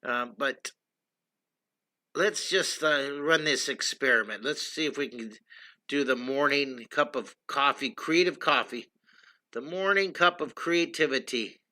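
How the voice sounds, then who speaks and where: A man's voice: medium pitch, measured pace, bright, forceful tone. An older man hosting a casual livestream drawing lesson, chatty and enthusiastic, greeting viewers by name while he draws. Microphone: computer streaming setup.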